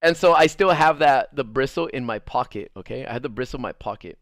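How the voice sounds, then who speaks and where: A man's voice: mid-range voice, lively intonation, fast talker, dry recording, clean studio sound. A young man telling a rambling story in casual chat, full of fillers and swearing, laughing at the funny parts. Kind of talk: casual storytelling over gameplay.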